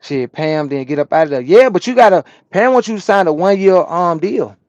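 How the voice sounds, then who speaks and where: A Southern American man, a truck driver, chats with his livestream viewers from his cab on a rest break. His voice sits a touch high, with a dry, close sound. He tells his stories with animated energy and plenty of slang and swearing. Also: brisk, no echo, highs cut off. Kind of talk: casual livestream chat, reading comments.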